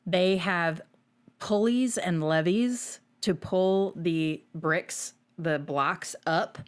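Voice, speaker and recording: A woman co-hosting a casual chat, laid-back, blunt and quick to joke. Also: lowish voice, clear, resonant tone. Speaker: real estate co-host.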